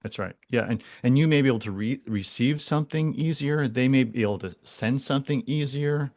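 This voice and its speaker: A man's voice: medium pitch, fairly quick, a little mellow. A man in his forties, a podcast guest talking casually and earnestly, often restarting and repeating words. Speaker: guest, animal communicator.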